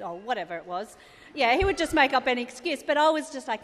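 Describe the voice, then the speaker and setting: Her voice sits high, with lively intonation and a slightly fast pace, over slight background noise. She's an Australian-accented woman in her thirties delivering a rambling, chatty wedding speech for her sister, with frequent laughter. It's recorded in a reverberant hall at the wedding reception venue.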